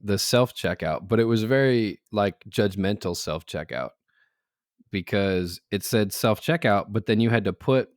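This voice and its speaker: Laughing low-voiced male podcast co-host. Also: lively intonation, measured pace, no room sound, clean studio sound. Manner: laughs through his stories, acts out quoted voices. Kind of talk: casual chat.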